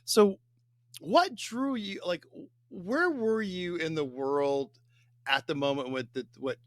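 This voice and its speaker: A man's voice: sits high, slow pace, no room sound, studio quality. A man from Ohio hosting an interview, hesitant and searching for words as he asks questions. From Dayton, Ohio. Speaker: interview host. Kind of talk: casual interview conversation.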